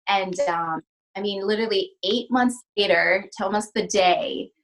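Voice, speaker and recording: A middle-aged woman who owns a physical therapy practice shares an emotional personal story as a podcast guest, speaking earnestly with many fillers and restarts while acting out the dialogue. Her voice is mid-range and her pace moderate, and the rough recording carries slight background noise.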